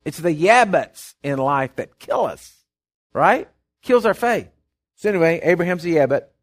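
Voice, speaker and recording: A man's voice: fairly high pitch, animated, a little slow. An older man preaching a folksy sermon in a church, his voice strained and worn. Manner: preachy, folksy, with bursts of loud calls. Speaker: pastor. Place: church sanctuary with monitors and reverb.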